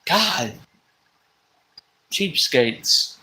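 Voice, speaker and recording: A man, ranting on a live stream from a table at home, exasperated, swearing often and breaking into loud outbursts. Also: fairly high pitch, very animated, drawn-out words, low-quality recording. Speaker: livestream host. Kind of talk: rambling live-stream rant.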